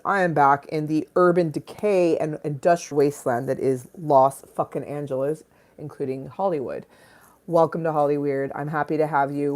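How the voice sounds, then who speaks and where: A woman hosting a casual livestream on her phone, playful and crude, swinging between loud bursts and low mutters. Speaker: livestream host. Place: Los Angeles home.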